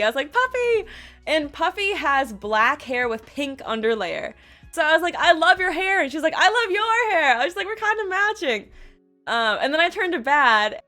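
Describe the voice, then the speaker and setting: Bright, bubbly young woman vlogger. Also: high-pitched. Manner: bubbly, quick, lots of "like" fillers and quoted voices. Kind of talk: casual storytime.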